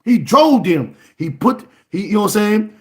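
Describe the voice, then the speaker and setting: A man preaching an emphatic sermon, repeating words and breaking into shouts. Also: high voice, very animated, moderate pace. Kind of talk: fiery sermon.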